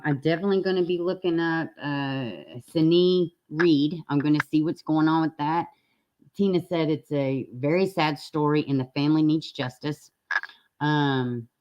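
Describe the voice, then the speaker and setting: A woman's voice: low voice, steady tone, a little slow. A woman chatting casually with viewers on a live stream, folksy and affectionate, laughing often. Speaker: true crime live streamer. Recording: slightly dull lo-fi sound.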